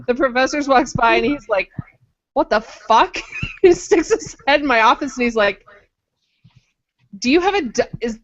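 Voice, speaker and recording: A woman's voice: high voice, lively intonation, moderate pace, pauses often, a little hiss or hum. A young woman telling a story in casual chat, giggly and chatty. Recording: muffled lo-fi recording.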